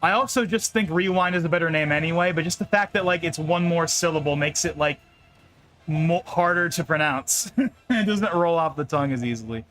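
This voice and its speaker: A man's voice: on the high side, brisk, a bit bright, soft background music. A young man chatting casually on a live stream while playing a game, rambling, laughing often and repeating words.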